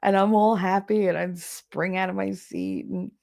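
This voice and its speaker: A woman with a naturally deep voice hosting a livestream podcast, chatting casually with her viewers and telling stories in an animated way. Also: normal speed, gravelly. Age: adult with children. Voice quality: low deep voice. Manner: chatty, animated storytelling, laughs often. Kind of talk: casual livestream chat reading the chat.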